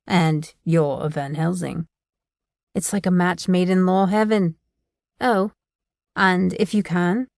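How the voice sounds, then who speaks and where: A woman's voice: on the low side, darkish tone, dry recording, clean studio sound. A woman reading as a blunt, crude young woman friend with no filter in an audiobook.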